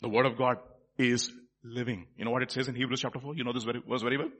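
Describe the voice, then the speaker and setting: A male preacher, delivering a sermon that swings from quiet musing to loud, fervent preaching. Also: mid-range voice, flat delivery, very fast.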